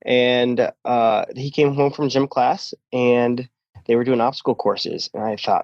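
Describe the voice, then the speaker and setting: A man's voice: mid-range voice, steady tone, a little slow, a little mellow, no echo. Male podcast guest, easygoing and chatty, dull dry remote audio. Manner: easygoing, laughs often, fillers. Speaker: podcast guest, business owner. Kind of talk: casual interview chat.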